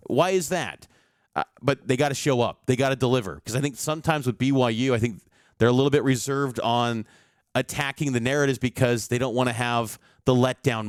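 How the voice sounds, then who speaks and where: Smooth-voiced male sports reporter. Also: medium pitch, dry recording, clean studio sound. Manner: stat-heavy, confident analysis. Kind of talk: game preview commentary.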